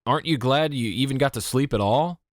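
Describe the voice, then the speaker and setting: A man's voice: mid-range voice, brisk, no room sound, clean studio sound, voice pushed up, close to an everyday voice. A man voicing a blunt, pushy teenage boy in an audiobook, talking in a teasing way.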